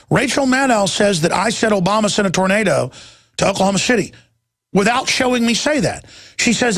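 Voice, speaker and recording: A man's voice: high-pitched, a bit bright, no room sound. A middle-aged man hosting a talk radio show, delivering an indignant, emphatic rant from a broadcast studio. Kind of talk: heated broadcast monologue.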